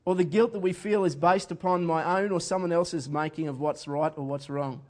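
Man, pastor, sermon, earnest and conversational, light chuckles, a bit high-pitched. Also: steady tone, normal speed, a little mellow.

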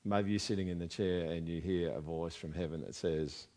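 A man's voice: low voice, fairly even intonation, moderate pace, a little mellow. A man preaching a sermon in a conversational way, often asking the congregation rhetorical questions. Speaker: pastor.

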